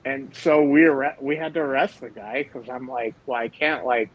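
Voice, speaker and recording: A man telling police stories in casual chat, animated and full of fillers. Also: mid-range voice, moderate pace, lo-fi sound. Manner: animated storytelling with lots of fillers. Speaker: former police officer.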